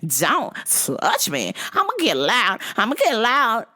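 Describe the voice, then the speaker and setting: A woman's voice: a little high, huge pitch swings, slow pace, sharp tone, voice pushed up, exaggerated voice. A woman voicing a distraught young woman who refuses to leave an elevator. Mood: defiant.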